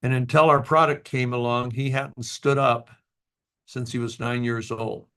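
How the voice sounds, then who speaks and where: A man's voice: mid-range voice, fairly even intonation, measured pace, a bit bright. Earnest rambling man addressing his team. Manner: earnest, rambling, with fillers and restarts; emotional at times. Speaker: company founder addressing distributors. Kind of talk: casual motivational talk.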